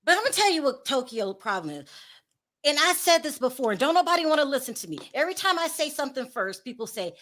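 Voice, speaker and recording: A woman's voice: sits high, sing-song, quick pace, fairly bright tone. A woman hosting a celebrity gossip livestream, giving blunt opinions, laughing often and talking to her chat. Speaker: host.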